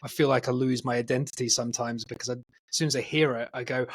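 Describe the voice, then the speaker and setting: A Scottish-born man hosting a podcast, with a light, softened Scottish accent, talking in a rambling, chatty way full of restarts. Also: mid-range voice, fairly even intonation, fast. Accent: light Scottish, softened by living in England. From Scotland. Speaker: podcast host. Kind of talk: casual interview chat.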